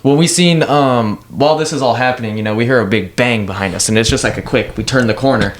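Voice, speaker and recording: Man, casual chat, halting, lots of fillers, mid pitch. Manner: halting, many fillers like "you know what I mean". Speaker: guest urban explorer.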